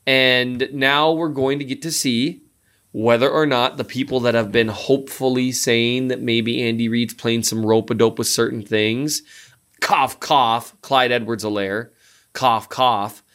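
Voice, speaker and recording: A middle-aged man co-hosting a casual sports podcast, animated, his voice jumping up in pitch when he makes a point. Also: moderate pace, clear, resonant tone.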